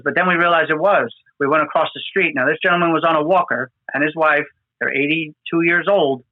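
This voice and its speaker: An FDNY firefighter who hosts a podcast speaks in a slightly high voice over dry, phone-like remote audio. He shares stories from the field in a conversational, earnest way, using lots of fillers.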